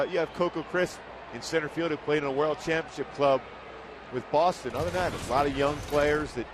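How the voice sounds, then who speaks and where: A man's voice: mid-range voice, noisy background. A man giving baseball color commentary, explaining plays and players in an analytical way.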